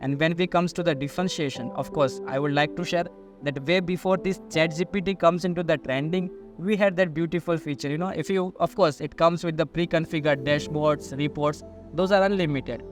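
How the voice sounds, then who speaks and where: A man with a fairly high voice answers interview questions as a sales manager. He explains at length, stringing lists of items together with "so". Soft music plays quietly underneath. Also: fairly quick. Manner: explanatory, long listing sentences strung with "so".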